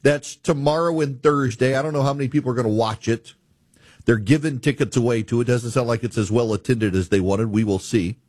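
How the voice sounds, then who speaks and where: A man's voice: medium pitch, a little fast, a little mellow, no room sound. A man hosting a political talk show, introducing clips in a casual, conversational way. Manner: conversational, restarts phrases. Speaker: host.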